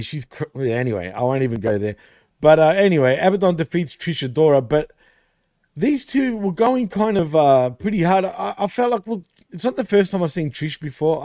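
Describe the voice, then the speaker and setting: A man's voice: fairly high pitch, darkish tone, no echo, studio quality. A man co-hosting a casual wrestling recap show, laughing often and swearing, calling his co-host dude and bro.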